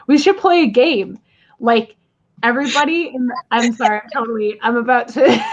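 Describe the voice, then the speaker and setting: A woman chatting on a live auction stream, rambling off on tangents and laughing often. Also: a little high. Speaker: guest seller. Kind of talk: casual live-stream chat. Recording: dull lo-fi audio.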